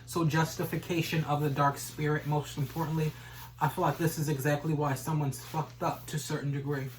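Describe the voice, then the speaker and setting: A man's voice: a little high, flat delivery, a little fast, noisy background. A man giving a casual tarot reading, rambling and repeating stock phrases, swearing now and then. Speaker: tarot reader.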